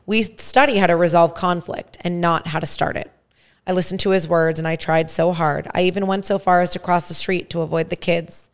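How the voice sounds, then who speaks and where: A woman podcast host reading a first-person story aloud in a measured way. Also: on the low side, fairly even intonation, clear, resonant tone.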